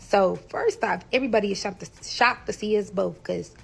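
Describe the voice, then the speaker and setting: A woman from St. Louis spins a storytime tale straight to her viewers, swearing freely. Her voice is gravelly and husky, sitting at a middle pitch for a woman. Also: normal speed. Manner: animated, profane, talks straight to viewers. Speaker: storyteller vlogger. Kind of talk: casual storytime.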